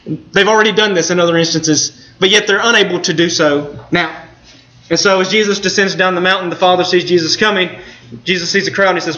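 A high, bright male voice delivering a sermon in an earnest storytelling way, with pauses for emphasis. The recording is somewhat dull and lo-fi. His tone is forceful and clear. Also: steady tone. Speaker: preacher.

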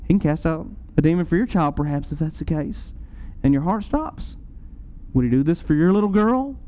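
Male preacher, high mellow voice, earnest sermon delivery with emphatic surges. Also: animated, moderate pace, muffled recording. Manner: earnest, rising to emphatic peaks.

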